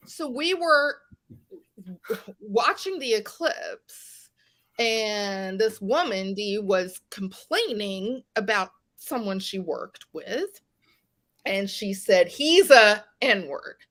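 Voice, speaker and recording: A woman from West Virginia, a podcast guest, telling a personal story in an animated way. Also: medium pitch, very slow. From West Virginia, USA. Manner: animated storyteller, acts out quoted exchanges. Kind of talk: podcast conversation.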